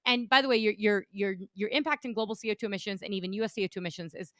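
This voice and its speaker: A woman's voice: medium pitch, racing, fairly bright tone, no echo, clean studio sound. A woman hosting a podcast as an energy economist, talking in an emphatic, opinionated way with many restarts. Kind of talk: casual political podcast chat.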